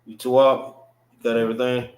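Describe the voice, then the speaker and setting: A man's voice: medium pitch, level tone, reverberant. A man teaching a casual vocabulary class, repeating words and checking in with his listeners. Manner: slow, repetitive, checks in with listeners.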